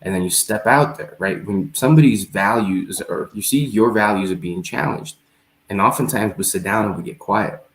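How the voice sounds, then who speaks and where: A talk show host with a fairly low, fairly bright voice speaks at normal speed, earnest and reflective as he shares a personal story in a casual discussion. The recording has a roomy echo.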